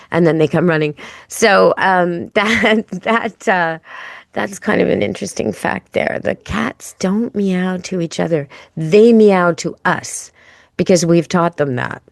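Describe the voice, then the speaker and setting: A woman's voice: fairly low pitch, no room sound, clean studio sound. A woman hosting a pet radio show, chatting casually and playfully. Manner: chatty, playful, imitates animal sounds. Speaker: podcast host.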